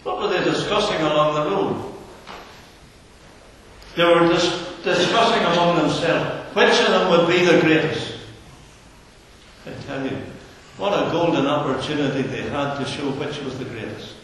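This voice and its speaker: A man preaching a sermon in an earnest, slow manner, sinking his voice low for emphasis. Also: a bit bright, slight background noise. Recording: echoey hall from far off.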